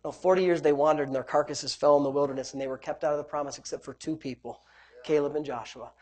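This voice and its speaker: A preacher delivering a sermon, swinging between loud emphatic bursts and quiet low asides, stretching key phrases and calling on the congregation. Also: fairly even intonation, quick pace. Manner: repetitive, calls on the congregation.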